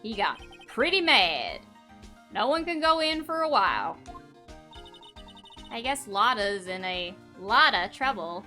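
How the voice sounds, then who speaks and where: A woman voicing a brash, friendly male police detective with a light put-on Texan drawl, loud and hearty. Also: mid-range voice, sing-song, slow, pauses often, faint music behind, exaggerated voice.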